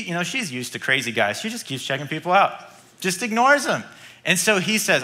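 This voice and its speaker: A man preaches a sermon in a bright, ringing voice that sits high for a man. He drives his points home with energy, repeating key lines and restarting sentences as he goes. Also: animated, moderate pace. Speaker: pastor.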